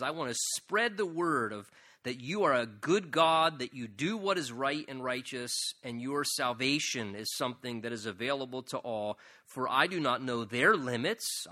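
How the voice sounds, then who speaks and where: Earnest preacher man with a bright voice. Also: a little high. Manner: earnest, rising to emphatic passages; paraphrases scripture in his own words. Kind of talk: sermon on a psalm.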